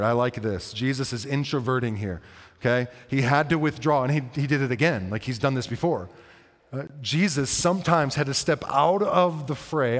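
A man in the middle of a sermon, reading scripture and talking it through with his congregation. His voice sits at an ordinary male pitch and carries a long reverb tail from a large hall. He keeps it conversational and slows down for the verses. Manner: conversational, asks the congregation questions. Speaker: preacher.

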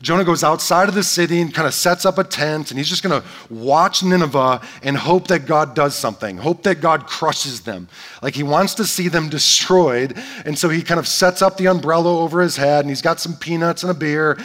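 A man preaching a sermon in a conversational, playful way, often checking in with his listeners with a quick "right?". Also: fairly high pitch, a bit bright. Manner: playful, joking asides. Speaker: pastor.

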